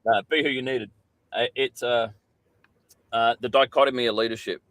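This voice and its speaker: A man's voice: mid-range voice, steady tone, moderate pace, a bit bright, dry recording. A middle-aged Australian man, a podcast guest, telling candid stories in casual chat and swearing freely.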